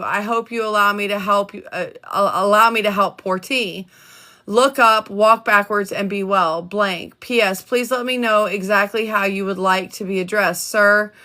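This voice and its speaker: A woman hosting a casual livestream, reading letters aloud in a chatty, halting way with many ums and restarts. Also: mid-range voice, bright, forceful tone. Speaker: livestream host reading documents.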